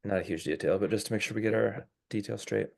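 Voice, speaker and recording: A man's voice: on the low side, fast talker, creaky, a little mellow. A man chairing a public neighborhood commission meeting in a casual, clarifying way while losing his voice.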